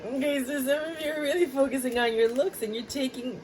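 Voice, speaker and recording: A woman's voice: high voice, steady tone, a little fast, a little mellow, a little hiss or hum, rough recording. A woman giving a casual tarot reading straight to her viewers, chatty and full of fillers, easily cracking herself up. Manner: chatty, filler-heavy, addresses viewers directly; prone to giggling fits. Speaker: tarot reader.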